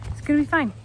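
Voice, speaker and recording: A woman vlogging casually on her farm, chatty and self-deprecating, talking the camera through her well problems and cooing to her animals. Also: slight background noise. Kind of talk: casual vlog narration. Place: outdoors on a farm.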